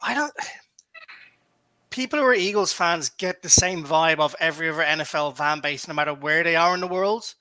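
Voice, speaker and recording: Irish host, bright voice, excitable, dry close sound. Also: male voice, on the high side, normal speed, dry recording, poor audio. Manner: excitable, stammering restarts. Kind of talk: casual fan chat.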